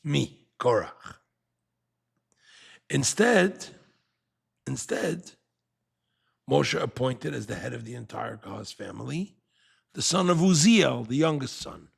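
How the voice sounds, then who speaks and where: An older man teaching a Torah class, animated and fond of rhetorical questions, who acts out the people he quotes. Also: mid-range voice, moderate pace, gravelly, slightly rough.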